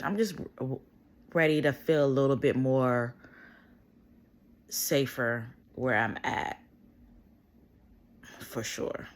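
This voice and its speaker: A woman vlogging from bed at home, venting in casual, profane talk. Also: low voice.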